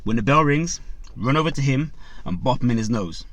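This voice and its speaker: A boxing channel host with an expressive, mid-range male voice retells a story briskly and casually, full of fillers. He briefly acts out the people's quotes and turns to address his viewers.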